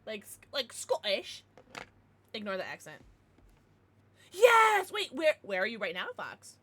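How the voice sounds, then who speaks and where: A woman's voice: on the high side, huge pitch swings, a little slow, a bit bright, breathy edge, no echo. A young American woman chatting casually on a livestream, giggly and bubbly as she greets viewers and reads out chat.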